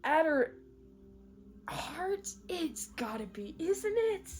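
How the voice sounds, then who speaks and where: A young woman recapping a story in casual chat, giggling often and telling it in an animated way. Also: extremely high pitch, slow. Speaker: co-host.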